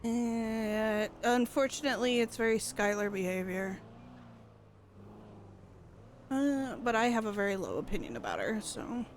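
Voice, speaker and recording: A woman's voice: on the high side, expressive, normal speed, slight background noise. A woman playing a roleplay character, chatting casually and laughing a lot.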